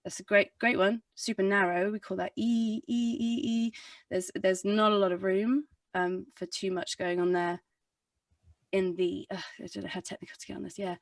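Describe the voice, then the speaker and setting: A woman's voice: mid-range voice, little pitch movement, moderate pace, dry recording. A young woman who sings and coaches voice, talking over a video call in a loose, rambling way full of "um" and restarts. Her voice sits in an ordinary middle register. It sounds a little distant from the microphone, with a dry, unroomy sound. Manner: rambling, chatty, full of fillers and self-corrections. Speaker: singer and vocal coach. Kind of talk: casual explanatory talk in a video interview.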